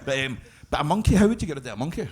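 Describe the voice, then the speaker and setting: A man's voice: a little high, very animated, rapid-fire, darkish tone, slight background noise. A Scottish man from Glasgow tells stories at a live podcast show. He swears freely, laughs through his own stories and keeps stumbling into fresh starts. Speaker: guest storyteller.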